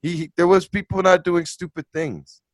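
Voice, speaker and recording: A man's voice: high voice, fairly even intonation, moderate pace, dry recording. A man in casual group chat, rambling and restarting his sentences. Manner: rambling, many restarts and "I'm just saying".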